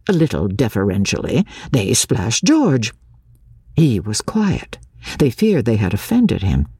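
A woman reading a classic novel aloud in a theatrical, expressive way. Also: deep voice, slightly rough, no echo, studio quality. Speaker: radio reader. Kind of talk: dramatic literary reading.

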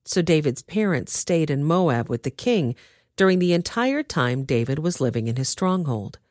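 A woman narrating a dramatized scripture reading with expressive storytelling. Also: low voice, normal speed, no echo, studio quality.

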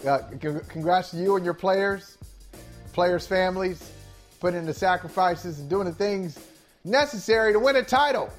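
High-voiced man calmly arguing sports. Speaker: sports talk show co-host. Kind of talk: sports debate.

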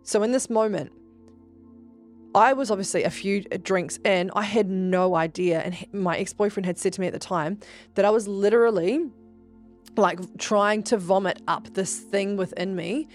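A woman hosting a podcast, telling spiritual stories in a casual, animated way, swearing freely and speaking straight to her listeners. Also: medium pitch, moderate pace, faint music behind. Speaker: podcast host.

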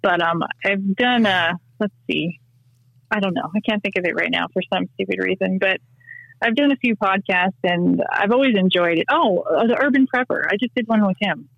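A woman's voice: mid-range voice, normal speed, creaky, a bit bright, no echo, rough recording. A woman guesting on a podcast, chatting casually and rambling with lots of fillers and restarts. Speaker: podcast guest, knife maker. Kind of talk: casual chat.

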